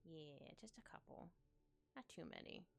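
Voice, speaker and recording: Lively, gravelly-voiced woman streamer chatting. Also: low-pitched, moderate pace, a little hiss or hum. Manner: chatty, thinks aloud and hums to herself. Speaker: streamer drawing live. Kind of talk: casual chat while drawing. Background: faint background music.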